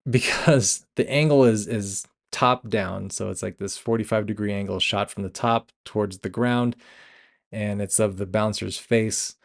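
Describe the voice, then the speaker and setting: A young man hosts a casual movie review podcast, retelling scenes with laughter, restarts and self-corrections. His voice sits on the low side and has noticeable vocal fry.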